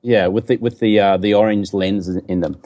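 Mellow-voiced man telling a story. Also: on the low side, fairly quick. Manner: storytelling, animated quoting of friends. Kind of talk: casual conversation.

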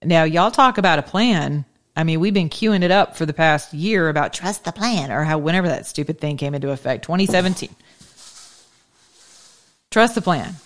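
A woman's voice: low voice, fairly quick, hardly any pauses. A woman hosting her show, giving an emphatic, folksy, preachy monologue. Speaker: show host. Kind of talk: impassioned casual monologue.

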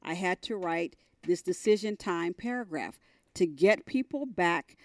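A middle-aged woman, a team executive on a podcast, telling a personal story in a candid, emphatic way, her voice climbing high as she retells moments. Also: lively intonation, a little slow, no room sound.

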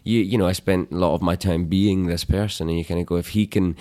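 A young adult man with a Scottish accent, an actor talking in a casual interview, thoughtful and halting with restarts. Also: deep voice, steady tone, a little mellow. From Scotland. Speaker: actor guest.

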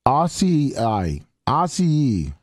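A man's voice: medium pitch, wildly swooping pitch, very slow, darkish tone, no echo. A man co-hosting a radio show, goofing around and laughing at himself as he stumbles over a word. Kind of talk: playful banter on air.

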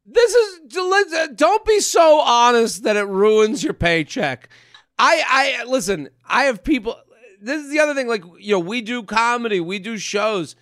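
A man with a notably high voice hosts a casual comedy podcast, reading listener emails and riffing with his guest in an animated, joking way. The sound is dry and close. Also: moderate pace, dry recording. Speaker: podcast host.

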